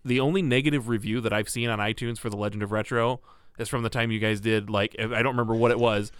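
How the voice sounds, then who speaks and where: A man's voice: fairly low pitch, fairly even intonation, fast, smooth, no echo, studio quality. A man in casual podcast chat, rambling and chatty with lots of fillers.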